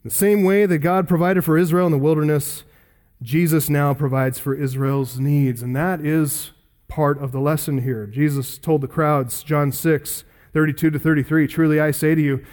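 A man preaching in an earnest, teacherly manner, walking listeners through scripture verse by verse. His voice sits a little high for a man. He reads passages aloud and then unpacks them carefully. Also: fairly even intonation, moderate pace, a little mellow. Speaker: pastor. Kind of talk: expository sermon.

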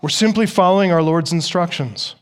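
A man preaching a sermon as pastor, emphatic and full of rhetorical questions, rising loud and dropping soft. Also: high voice, fairly quick, smooth.

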